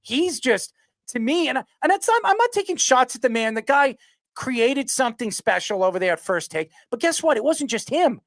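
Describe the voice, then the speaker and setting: Gravelly, fired-up sports talk host. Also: male voice, extremely high pitch, very animated, normal speed, no echo. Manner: loud, passionate, yells his arguments. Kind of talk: heated sports talk rant.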